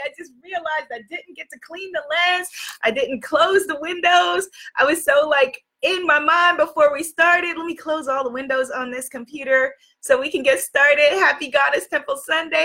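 A high-pitched woman with a bright, sparkling voice hosts a spiritual livestream from a makeshift home studio. She is in her forties and talks effusively, greeting viewers by name and building toward inspirational encouragement. She is picked up through a phone or computer camera mic. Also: fairly even intonation, normal speed. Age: 40s. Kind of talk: casual livestream talk.

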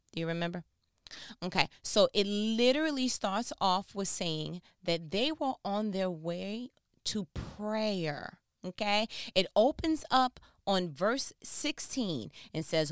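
A woman preaching an animated sermon in a casual, slangy way, asking her listeners questions. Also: a little high, normal speed, no echo, studio quality. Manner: conversational, slangy, asks the audience questions.

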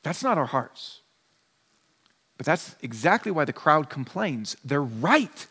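Man, pastor's sermon, fairly high voice, long reverb of a church hall. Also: very animated, slow, sharp tone, husky. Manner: conversational preaching, acts out little dialogues. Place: church sanctuary.

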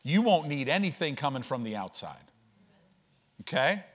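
A male pastor delivering a sermon in church, preaching with energy in quick bursts, asking rhetorical questions and trading call-and-response with the congregation. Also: a little high, very animated.

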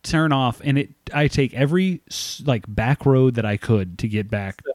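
A man's voice: mid-range voice, expressive, normal speed, a little mellow, no room sound, studio quality. A man in his thirties, co-hosting a podcast, telling a long self-mocking story with lots of swearing and laughter. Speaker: podcast co-host. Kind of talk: casual storytelling chat.

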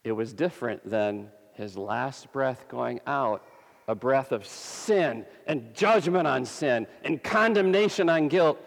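A man preaching a sermon as a pastor, slow and emphatic with long pauses, his voice slightly gravelly. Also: medium pitch, expressive, long reverb tail.

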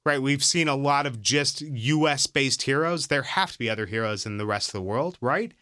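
This man co-hosts a podcast, chatting casually at a moderate pace in a sharp, mid-range voice. His talk rambles with plenty of fillers and restarts, captured in clean, echo-free studio sound.

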